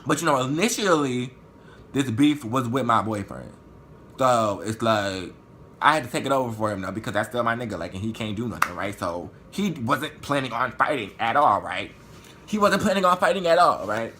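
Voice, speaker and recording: A man telling a story in a vlog, animated and profane, acting out what people said. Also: medium pitch, normal speed, slight background noise. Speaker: vlogger.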